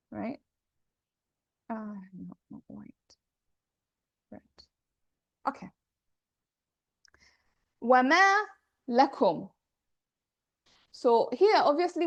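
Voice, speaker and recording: A woman's voice: a little high, dry recording. A woman teaching Arabic grammar in an online class, thinking aloud, correcting herself and checking in with her students.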